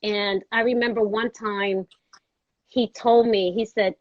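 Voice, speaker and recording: A woman's voice: medium pitch, fairly even intonation, slow, no room sound, muffled recording. A woman from Brooklyn, a guest telling stories in a casual interview and acting out the people she quotes. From Brooklyn, New York.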